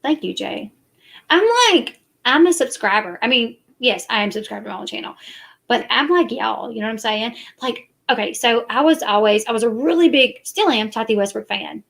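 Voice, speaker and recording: A woman's voice: a little high, animated, normal speed, gravelly, fairly bright tone. A woman, chatting casually and defensively to her live stream viewers. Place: parked car at night.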